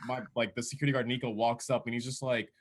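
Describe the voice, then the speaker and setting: Casting: man, casual storyteller, animated and laughing, mid-pitched voice. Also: quick pace, very noisy. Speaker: DJ and podcast guest.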